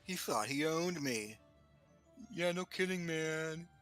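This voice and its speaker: A man voicing a proud male dog griping to other dogs in a slow, dry way. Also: fairly high pitch, animated, fairly bright tone, faint music behind, voice pushed up. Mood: aggrieved.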